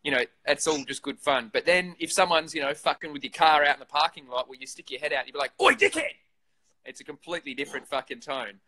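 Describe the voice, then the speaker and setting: A man's voice: on the high side, steady tone, fast talker, few pauses, sharp tone, poor audio. A man in his thirties with an Australian accent, chatting casually as an interview guest, swearing freely and laughing often. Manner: profane, laid-back, laughs often. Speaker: interview guest, vape reviewer. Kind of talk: casual chat.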